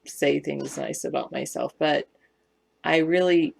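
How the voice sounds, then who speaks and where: A woman's voice: low voice, fairly even intonation, unhurried, gravelly, a little mellow, breathy edge. A woman from West Virginia with a Southern Californian accent, chatting casually on a live stream and answering viewer comments in a rambling, self-correcting way.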